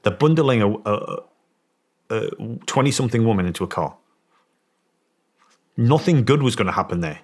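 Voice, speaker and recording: A man's voice: fairly low pitch, animated, normal speed, pauses often. A man telling a story in casual conversation as a guest, rambling with many restarts and emphatic points. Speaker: guest, former special forces soldier.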